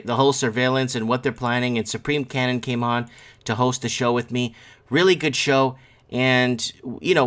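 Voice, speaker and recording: A male host talks loosely through headlines on his morning stream, wandering off on tangents and answering chat comments as they come in. He sounds sleepy and yawning, with a middling pitch and an everyday voice. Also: fairly bright tone. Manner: rambling, reacts to chat comments. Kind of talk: casual live-stream commentary.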